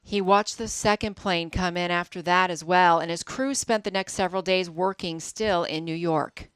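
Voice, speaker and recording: Smooth-voiced woman reporter, dry booth. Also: on the low side, fairly even intonation, a bit bright, no echo. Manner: measured, deliberate delivery. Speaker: news reporter. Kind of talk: scripted news narration.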